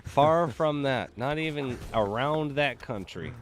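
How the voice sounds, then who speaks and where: A man's voice: medium pitch, slow pace. A man hosting a game stream, chatting casually and joking, with lots of "like" in his speech. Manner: rambling, joking, heavy use of "like". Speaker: gaming stream host.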